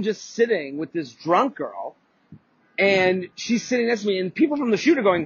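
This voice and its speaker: A man with a high, husky voice rants through an anecdote on his podcast, swearing freely and often circling back to restart a thought. The sound is dry and a little dull, with no room around it. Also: lively intonation, normal speed, no room sound. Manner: rambling, profane, lots of restarts and fillers. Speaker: podcast host. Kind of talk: casual storytelling rant.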